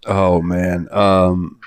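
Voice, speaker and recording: A man's voice: low voice, no room sound. A man co-hosting a podcast, telling a rambling story in casual chat, laughing and swearing freely. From Florida. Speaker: podcast co-host.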